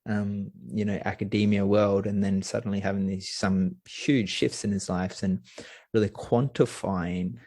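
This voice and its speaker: Low-voiced man telling a story. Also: steady tone, measured pace, darkish tone, no room sound. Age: young adult. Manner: eager, rambling with many fillers. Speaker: podcast guest. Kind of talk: casual storytelling.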